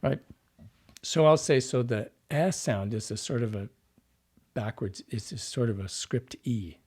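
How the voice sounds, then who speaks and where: A man's voice: mid-range voice, measured pace, darkish tone, breathy edge. A man, a dialect coach and podcast guest, explaining at length like a teacher and acting out the sounds he describes. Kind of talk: explanatory interview talk.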